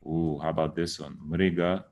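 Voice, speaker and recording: A man's voice: very deep voice, level tone, moderate pace, gravelly, a little mellow, lo-fi sound. A man giving a casual lesson, patiently repeating words to correct how people say them. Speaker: teacher.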